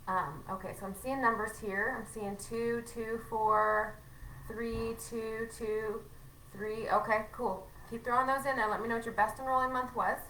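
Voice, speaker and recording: Woman, casual livestream trainer, chatty, self-mocking, bright voice, echoey room. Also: mid-range voice, far from the mic, a little hiss or hum.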